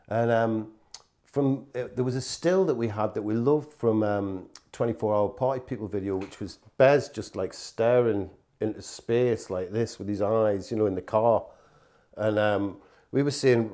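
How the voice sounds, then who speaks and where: A man's voice: medium pitch, brisk, a little mellow. A middle-aged man, telling rambling stories in an interview, full of fillers, swearing and acted-out quotes. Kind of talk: casual anecdotal storytelling.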